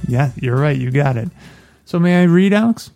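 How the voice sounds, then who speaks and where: A man co-hosts a casual podcast, playful and quick to laugh. His voice sits a little high and carries a gravelly edge. His chat is loose and full of jokes. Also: lively intonation, warm tone, soft background music. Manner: chatty, playful, laughs often. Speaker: podcast co-host.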